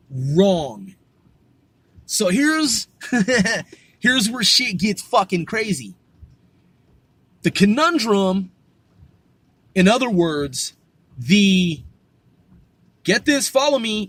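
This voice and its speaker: A man's voice: high voice, bright, forceful tone, breathy edge. A man delivering a rambling, profane philosophical monologue, firing rhetorical questions at the listener and repeating himself. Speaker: vlogger.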